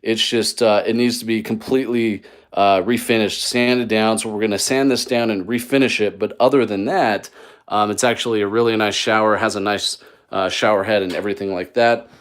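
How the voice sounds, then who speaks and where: A man's voice: on the low side, steady tone, fairly quick. A man hosting a live stream as he walks through a mobile home he is flipping, talking in an upbeat, rambling way with lots of fillers and restarts. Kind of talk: live walk-through vlog. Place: indoors in a small mobile home.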